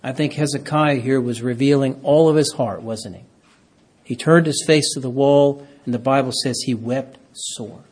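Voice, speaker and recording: Husky-voiced man preaching a sermon. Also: mid-range voice, moderate pace. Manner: preaching with dramatic swings from hushed to loud, stretching key phrases.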